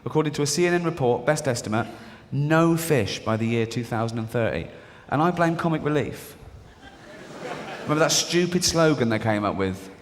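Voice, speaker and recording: A middle-aged English man doing stand-up comedy, sardonic and mock-apologetic, breaking into shrill put-on voices. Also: lively intonation, fairly quick, a little hiss or hum. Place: large theater stage before an audience. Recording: live concert recording in a reverberant hall.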